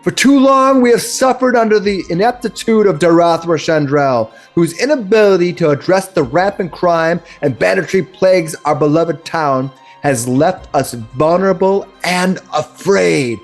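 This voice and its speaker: A man voicing a scheming noblewoman works a crowd in a tabletop game, her voice pitched high and booming as if magically amplified. She speaks slowly and with weight, rousing anger. Faint music plays underneath. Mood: rabble-rousing.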